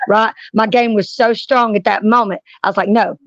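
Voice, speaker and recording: A woman's voice: a little high, steady tone, moderate pace, dry recording. A woman, chatting casually with friends as a streamer, blunt and profane as she tells stories. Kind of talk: casual chat. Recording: dry, dull lo-fi sound.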